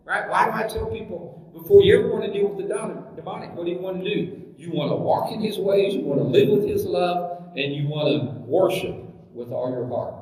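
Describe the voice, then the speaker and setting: A man's voice: sits high, a little fast, a little mellow. A man preaching a sermon as pastor, emphatic, full of rhetorical questions and scripture references, recorded from far off in an echoey hall.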